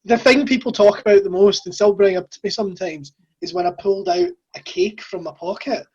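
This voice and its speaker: A woman's voice: mid-range voice, mellow, husky. A woman with a Scottish accent hosting a casual interview, chatty and joking. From Scotland. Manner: chatty, joking, quick asides. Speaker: host. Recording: dull lo-fi mic sound.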